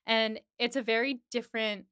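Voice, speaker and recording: A woman hosting a podcast, recapping an episode in a casual, animated way with quick voiced asides. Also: on the high side, clean tone, no room sound, studio quality. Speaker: podcast host.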